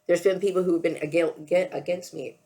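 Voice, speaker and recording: A tearful woman speaks to camera in a personal vlog. Her voice sits very low and crackles with vocal fry. She talks haltingly, doubling back on her words and checking in with an "okay" as she goes. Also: fairly even intonation, dark tone. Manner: halting, repeats words, often says okay. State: tearful, emotional. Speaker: vlogger. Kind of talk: emotional personal monologue to camera.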